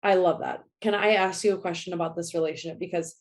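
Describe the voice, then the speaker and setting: A woman co-hosting a podcast in casual chat, animated and quick to react. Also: lowish voice. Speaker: podcast co-host.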